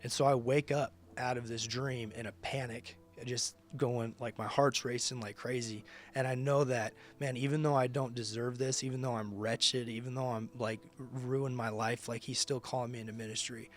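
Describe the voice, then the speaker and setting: A man's voice: medium pitch, fairly even intonation, moderate pace, few pauses. A man who leads a ministry, telling his personal testimony in conversation with emphatic, casual storytelling. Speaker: ministry leader.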